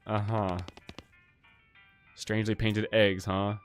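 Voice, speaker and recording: A man's voice: fairly low pitch, moderate pace, faint music behind. A man streaming a game, reading its text aloud in a casual, jokey way.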